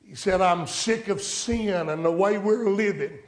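High-voiced country preacher in an echoey room. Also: male voice, a little slow. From rural United States. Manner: storytelling preacher, rising to emphatic pleas. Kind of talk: sermon.

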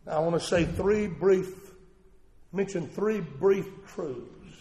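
High-voiced male pastor, dramatic sermon, long church reverb. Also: expressive, slow. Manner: dramatic storyteller, swings from hushed to shouting. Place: church service.

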